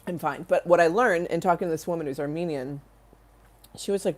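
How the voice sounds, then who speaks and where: A woman with a notably low, hoarse voice, still rough from a flu, chats casually as a livestream host. She rambles and jokes, drops curse words freely, and wanders off into one tangent after another. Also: fairly even intonation, fairly quick, darkish tone. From United States. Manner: rambling, jokey, swears freely, goes off on tangents.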